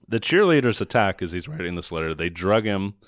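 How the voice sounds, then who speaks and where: A podcast co-host recaps a movie in casual, sarcastic banter, animated and swearing as he acts out quotes. He has a low, brisk voice, captured in clean studio sound with no echo.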